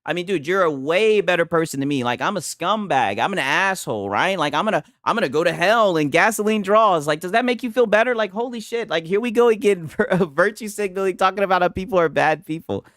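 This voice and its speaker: Lively profane man trash-talking. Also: high-pitched, brisk, hardly any pauses, dry recording, clean studio sound. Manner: animated, profane trash talk. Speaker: streamer host. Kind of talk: reaction commentary.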